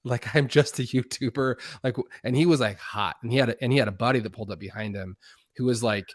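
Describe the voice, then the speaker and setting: A man's voice: lowish voice, quick pace, no echo, studio quality. A man on a podcast as a guest, telling casual stories with lots of fillers and restarts. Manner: rambling, many fillers and restarts. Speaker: podcast guest, outdoor video creator. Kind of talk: casual storytelling chat.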